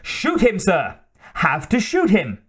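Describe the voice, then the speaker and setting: A man voicing a frantic, excitable male servant in an audiobook, with a shrill, breathless delivery. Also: slow, exaggerated voice. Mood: urgent pleading.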